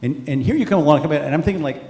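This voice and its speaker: A man's voice: fairly high pitch, very fast, darkish tone. A man speaking on stage at a live conversation, wry and self-deprecating, rambling with frequent laughs. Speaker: author on a panel. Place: large hall at a live event. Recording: echoey hall with faint noise.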